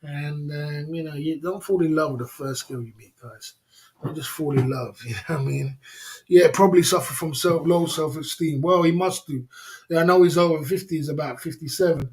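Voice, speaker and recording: A man's voice: on the high side, normal speed. A man hosting a livestream, telling a long rambling story in casual chat, repeating himself and calling the viewers bro and guys. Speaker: livestream host.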